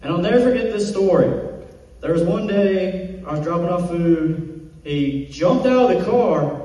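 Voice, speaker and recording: On stage in a distant, echoey hall, a stand-up comic tells self-deprecating jokes and acts out quotes. His voice sits high and sounds animated and warm, delivered at a measured pace.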